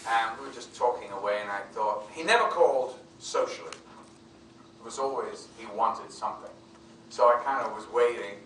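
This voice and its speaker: A man, a film actor being interviewed, telling anecdotes in an animated way and acting out other people's voices. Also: mid-range voice, moderate pace. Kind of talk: anecdotal storytelling. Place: convention venue. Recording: echoey room, distant mic, faint noise.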